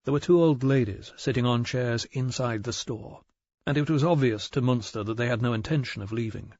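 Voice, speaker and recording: A man narrating a mystery audiobook in a measured, even storytelling manner. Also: mid-range voice, no echo, dull audio. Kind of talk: scripted narration.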